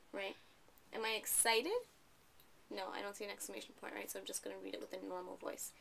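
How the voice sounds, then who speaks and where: Creaky-voiced woman tutoring a child. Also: medium pitch, little pitch movement, quick pace, bright, forceful tone, a little hiss or hum. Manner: patient, coaxing, ends points with tag questions.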